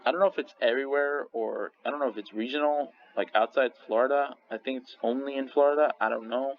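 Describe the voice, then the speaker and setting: A young man talks loosely through a restaurant ranking, stumbling over words and dropping casual swears. His voice sits at an ordinary middle pitch. The recording is a bit muffled, with a faint hiss underneath. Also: fairly even intonation, fast. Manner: rambling, full of restarts, laughs often, swears casually. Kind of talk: casual rambling monologue. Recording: slightly dull lo-fi recording with faint noise.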